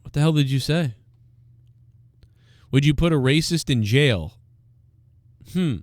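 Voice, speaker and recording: A man's voice: fairly high pitch, expressive, measured pace, no room sound. A man hosting a casual live Q&A stream, rambling and thinking aloud with lots of fillers. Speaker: livestream show host.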